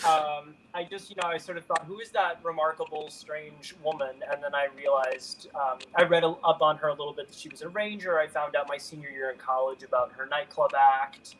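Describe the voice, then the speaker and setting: A man's voice: fairly high pitch, fairly even intonation, fairly quick, hardly any pauses, fairly bright tone, low-quality recording. A young man chatting as a guest over a video call, bubbly and enthusiastic, often cutting himself off mid-sentence. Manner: bubbly, enthusiastic, self-interrupting. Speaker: guest singer-songwriter. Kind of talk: casual video-call chat.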